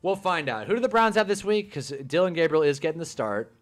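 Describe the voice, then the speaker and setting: A man's voice: a little high, expressive, fairly quick, faint music behind. A young man hosting a casual live stream, ranting about football and reading chat comments, swearing and laughing often. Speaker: livestream host reading chat.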